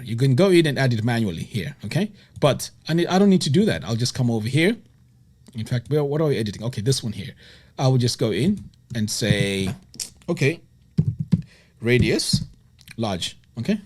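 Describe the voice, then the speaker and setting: Lively man walking through a web tutorial. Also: mid-range voice. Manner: talks to the viewer directly, checks in with frequent "okay?" and "right?". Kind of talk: screen-recorded software tutorial.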